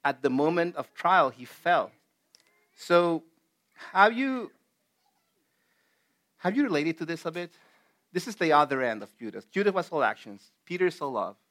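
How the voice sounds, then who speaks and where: A man's voice: on the high side, very animated, moderate pace, pauses often, a bit bright. A man who is not a native English speaker, leading a casual Bible study in an earnest, emphatic way with many fillers and restarts. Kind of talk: casual group Bible teaching.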